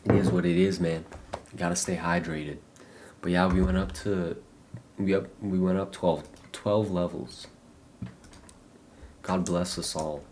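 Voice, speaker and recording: A young American man streaming a game, talking in a loose, halting, rambling way full of fillers and restarts. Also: sits low, flat delivery, noisy background. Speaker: livestreamer. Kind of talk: casual rambling gameplay chat.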